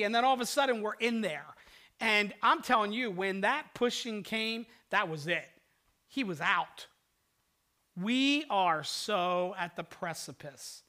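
An older pastor with a high-sitting voice preaches a sermon and tells stories, swinging between loud outbursts and hushed, quiet passages.

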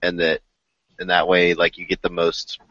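Very deep-voiced man, casual podcast talk. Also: completely flat delivery, normal speed, a bit bright, dry recording. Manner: loose, profane, hedging. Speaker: podcast co-host. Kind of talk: casual chat. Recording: dull lo-fi podcast audio.

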